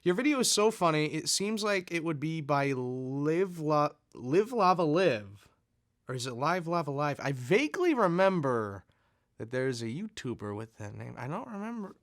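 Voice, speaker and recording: A man's voice: fairly high pitch, very animated, unhurried, dry recording, clean studio sound. A man who makes videos, chatting in an easygoing, self-deprecating way as he responds to fan letters. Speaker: video creator.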